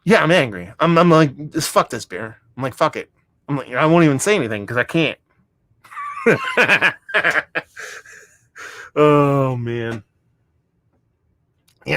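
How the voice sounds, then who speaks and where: Male beer reviewer on a live stream: rambling, excitable, swears constantly, mid-pitched voice, dry sound. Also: no echo. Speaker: beer reviewer hosting a livestream. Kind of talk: casual livestream chat. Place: home room.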